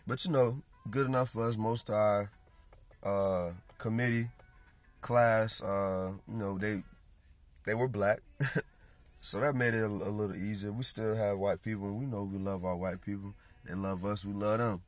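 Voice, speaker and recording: A man in his late twenties hosting a podcast in casual chat, hoarse from losing his voice, laid-back and slangy, chuckling between thoughts. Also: lowish voice, steady tone, normal speed, soft background music. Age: late 20s. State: hoarse from lost voice. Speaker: podcast host.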